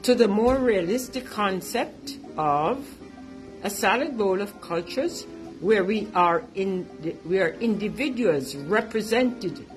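A middle-aged Jamaican woman speaks slowly and with earnest emphasis as she presents her artwork. She is a teacher and artist, and her voice sits at a medium pitch. Faint music plays behind her. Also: expressive.

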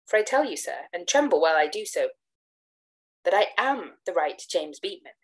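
A woman voicing a tipsy, flustered young gentleman who protests emphatically. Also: lowish voice, sing-song, moderate pace. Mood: indignant.

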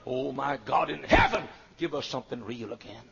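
An older male Southern American pastor preaching a sermon, telling stories and swinging between quiet asides and shouted climaxes. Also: medium pitch, normal speed, gravelly, a little hiss or hum. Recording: dull lo-fi archival sermon tape.

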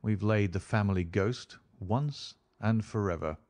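A man voicing a calm, commanding middle-aged detective in a storybook reading, measured and authoritative. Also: lowish voice.

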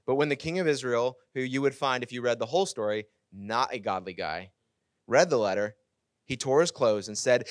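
A male pastor preaching a sermon, retelling a scripture story with animated, casual asides. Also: mid-range voice, fairly quick, no echo, clean studio sound.

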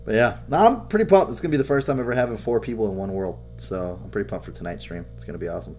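A man's voice: lowish voice, very fast, soft background music. A young man co-hosting a podcast, swearing freely and laughing a lot as he tells stories. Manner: profane, animated, laughs a lot. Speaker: podcast co-host. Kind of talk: casual gaming chat.

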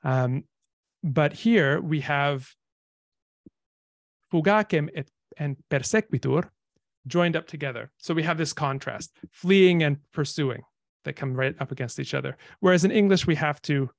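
Male lecturer, easygoing explainer, slight fry, dry close mic. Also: fairly high pitch, normal speed, no echo. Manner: relaxed and explanatory, with frequent ums. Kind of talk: informal lecture.

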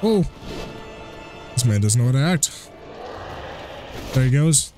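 A man hosting a let's play, commentating excitedly and trash-talking the enemies. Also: mid-range voice, slow pace. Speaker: gaming channel host. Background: game music.

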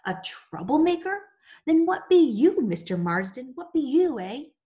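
A woman's voice: medium pitch, normal speed, close to an everyday voice. A woman reading the lines of a young mill girl who answers politely and deferentially. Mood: outraged. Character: young female mill girl, timid but spirited.

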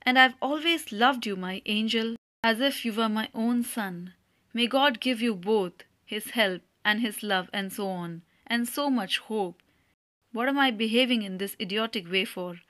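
Bright-toned gushing old landowner guy, heaps on the sweet names, read by a woman. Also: on the high side, a little slow, no room sound, studio quality. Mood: overjoyed. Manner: fawning, heaps on endearments. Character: gushing older male landowner, effusive.

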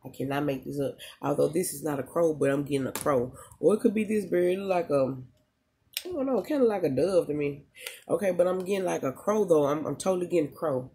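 A spiritual reader giving a casual channeled reading straight to viewers, slangy and chatty, pausing often to tune in. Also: medium pitch, dark tone, slight background noise. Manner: emotional at moments, talks straight to the audience.

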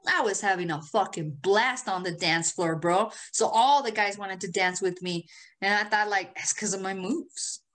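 A woman with a mid-range voice speaks at a moderate pace as a podcast co-host. She tells stories in a casual, profane chat, animated and laughing often.

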